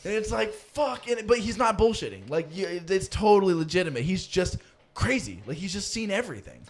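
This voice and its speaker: A young male podcast host with a slightly raised pitch. He tells rambling, lively stories between friends and swears freely. It is a relaxed, casual chat. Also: brisk.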